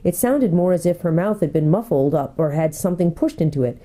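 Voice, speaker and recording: A woman pastor reading a children's book aloud with expressive storytelling. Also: lowish voice, a little fast.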